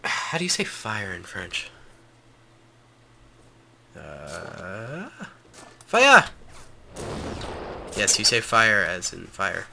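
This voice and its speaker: A man's voice: low-pitched, sing-song, normal speed, vocal fry, few pauses, sharp tone, a little hiss or hum. A man hosting a gaming channel, giving enthusiastic, rambling gameplay commentary with frequent ums.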